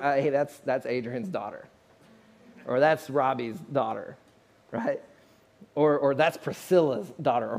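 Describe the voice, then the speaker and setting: A man's voice: a little high, darkish tone. A man preaching a sermon to his congregation in a conversational way, with restarts and asides to the crowd. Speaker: pastor.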